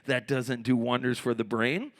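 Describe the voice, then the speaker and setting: A middle-aged American man telling profane, animated stories to a live theatre audience, swinging between hushed asides and shouted outbursts. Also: mid-range voice, normal speed. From United States. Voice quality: gravelly. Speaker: spoken-word performer. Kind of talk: stand-up storytelling on stage. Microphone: handheld stage microphone.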